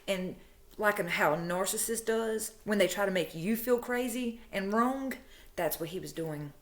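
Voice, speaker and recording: A woman casually telling a personal story, chatty, animated and frank, often laughing. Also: medium pitch, normal speed. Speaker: true crime storyteller, channel host.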